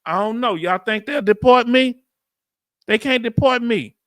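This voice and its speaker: A man's voice: extremely high pitch, measured pace, a bit bright, dry recording, studio quality. A middle-aged man with a Southern accent hosting a live Q&A stream, talking casually, reading out chat comments and often laughing. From United States. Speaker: livestream host. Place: Texas.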